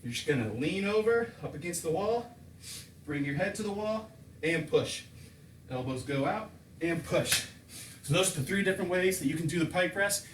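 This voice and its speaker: A man's voice: sits high, lively intonation, a little fast, a little hiss or hum. A man coaching a home workout, counting reps and explaining exercises, a bit out of breath as he works out along. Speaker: fitness coach. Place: home room with table and couch. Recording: echoey room, distant mic.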